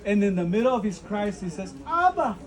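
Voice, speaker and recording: A man's voice: high voice, fast talker, darkish tone, poor audio. A man preaching a sermon outdoors at a holy site, earnest and rising to fervent emphasis. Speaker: pastor.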